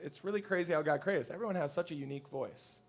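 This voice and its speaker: A male pastor giving a conversational sermon to his congregation, telling lively stories and acting out the people he quotes. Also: fairly high pitch, very fast. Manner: lively storyteller who acts out quotes. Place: church service before a congregation.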